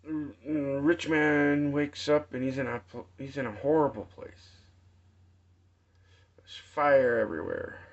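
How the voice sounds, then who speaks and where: Slow-speaking man retelling a parable. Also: medium pitch, steady tone. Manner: slow, halting storytelling with restarts and acted quotes. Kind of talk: informal sermon retelling a parable. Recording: dull lo-fi sound.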